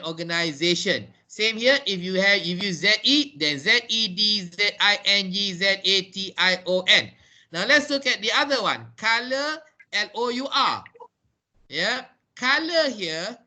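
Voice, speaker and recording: A Malaysian man teaching English online. His voice sits high for a man and sounds very bright and sharp. He spells words out letter by letter and says his main points twice. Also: poor audio.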